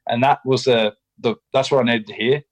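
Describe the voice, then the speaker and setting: A man's voice: medium pitch, fairly even intonation, fairly quick, low-quality recording. A young Australian man, a rugby league player, talking candidly as a podcast guest, casual and blunt, with lots of ums, restarts and swearing. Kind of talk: candid interview chat.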